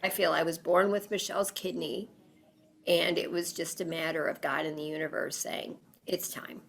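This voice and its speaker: A woman's voice: fairly low pitch, moderate pace, creaky, slight background noise. A woman, a guest in an interview, telling a personal story with lots of fillers and acting out what others said. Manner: animated, lots of fillers, acts out quoted voices.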